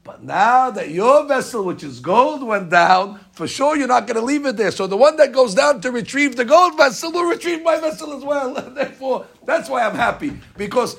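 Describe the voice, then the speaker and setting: A poor young maidservant, humble and cheerful, voiced by a male teacher. She pleads and explains. The voice is high, with a gravelly, husky grain. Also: lively intonation, moderate pace, few pauses, fairly bright tone, exaggerated voice. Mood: relieved.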